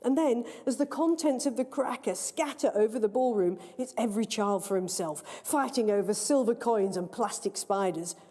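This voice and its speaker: A woman reading her own story aloud at a live event in a large library hall, with expressive, measured storytelling. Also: fairly high pitch. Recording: long reverb of a large hall.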